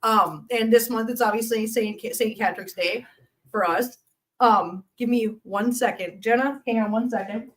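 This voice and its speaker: A woman hosting a casual live stream, chatty and quick to laugh, often talking to her cats. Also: a little high, distant mic.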